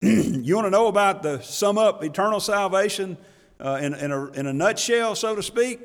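Preacher, male, high-pitched, folksy and animated, chuckles often; reverberant church hall. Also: normal speed. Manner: folksy, animated preaching with chuckles and scripture quotes in old English. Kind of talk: sermon.

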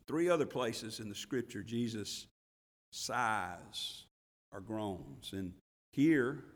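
A man preaching a sermon as pastor, swinging between loud emphatic passages and hushed, slow ones, and reading scripture in King James wording. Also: lowish voice, expressive, big-room sound. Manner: reads scripture aloud in King James wording with rising intensity.

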